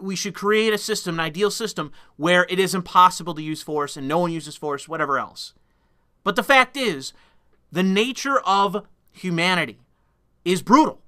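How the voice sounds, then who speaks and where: A man's voice: sits high, pushed and bright. A man delivering a solo commentary rant in a blunt, profane, emphatic way. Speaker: political commentator.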